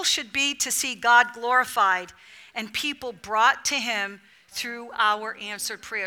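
A woman's voice: on the high side, a little slow, pushed and bright, clean tone, soft background music. A woman preaching a fervent, emphatic sermon to a women's church gathering, with a repetitive preaching cadence.

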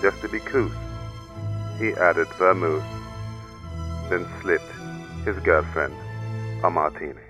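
A man's voice: low-pitched, slow, long pauses, music in the background, pitched below the performer's own voice. A man putting on a pompous orator with a bad imitation English accent, declaiming a mock-grand comedy monologue in a solemn, theatrical way. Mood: grandiose.

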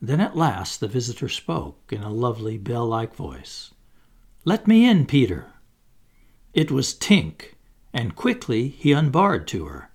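A man narrating a children's storybook with an expressive, dramatic delivery that slows for suspense. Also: medium pitch, husky. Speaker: audiobook reader.

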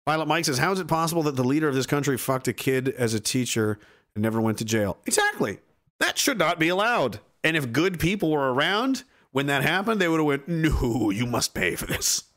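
A young man casually chatting on a livestream and reading out chat messages, crude and profane, switching into mock rants and high-pitched yells. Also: fast talker.

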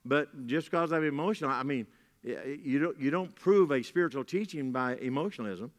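With a fairly quick delivery in a voice on the high side, a man preaches as pastor, homespun in tone, driving points home by repeating key lines and tossing in casual asides. Long church-hall reverb surrounds his voice.

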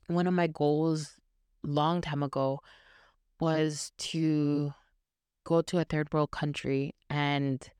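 A woman's voice: sits low, darkish tone, clean tone, no room sound, clean studio sound. A woman hosting a casual faith podcast, chatty and rambling with fillers. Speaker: podcast host.

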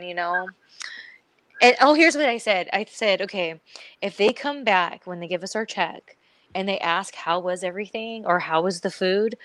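A woman's voice: medium pitch, dry recording. A woman co-hosting a casual podcast who tells her stories with energy, slipping into the voices of the people she quotes and breaking into laughter. Her voice sits in a middle register. It is recorded close and dry. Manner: animated storytelling, acting out quotes, laughing often. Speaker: podcast co-host. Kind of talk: casual chat.

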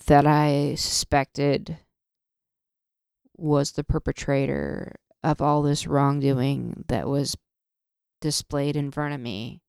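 A woman's voice: deep voice, creaky, darkish tone, clear, resonant tone, no room sound, studio quality. A woman hosting a solo podcast, ranting in an emotional, profane way, often stopping and restarting her sentences. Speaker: podcast host. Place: podcast studio.

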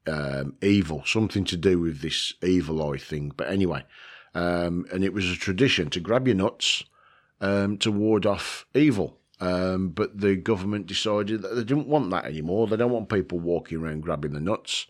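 Deep-voiced man rambling through a list. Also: normal speed. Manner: rambling, self-mocking, with frequent ums and swearing. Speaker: video host. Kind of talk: casual joking monologue reading a list.

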